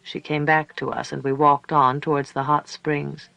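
A man narrating a story aloud in a calm, measured, reflective way. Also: fairly high pitch, creaky, no echo, highs cut off. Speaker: audiobook narrator. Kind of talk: scripted narration.

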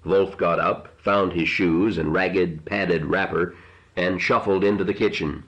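A man reads a novel aloud at a steady, unhurried pace. His voice sits very low. The recording sounds dull and lo-fi. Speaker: narrator. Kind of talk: audiobook narration.

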